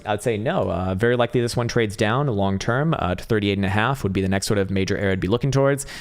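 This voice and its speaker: A man hosting a live stream, casually talking through charts, thinking aloud and swearing freely. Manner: bursts into excited, high-pitched cheering. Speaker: livestream host answering chat about crypto charts.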